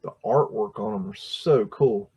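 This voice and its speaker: A man's voice: fairly low pitch, unhurried, mellow, slightly rough. A man hosting a livestream, talking casually through old photographs in a rambling way, with many fillers and restarts and frequent chuckles. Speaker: livestream host.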